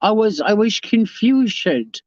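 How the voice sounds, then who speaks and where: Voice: mid-range voice, expressive, slow, darkish tone, no room sound. Chatty streamer, dull lo-fi sound. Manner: chatty, swears freely, laughs often. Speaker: livestream host reading chat. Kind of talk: casual live chat.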